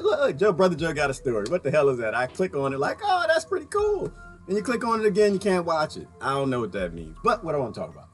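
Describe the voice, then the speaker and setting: A man's voice: medium pitch, fairly bright tone. A man hosting a casual livestream, rambling and laughing often as he talks straight to his viewers. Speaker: livestream host.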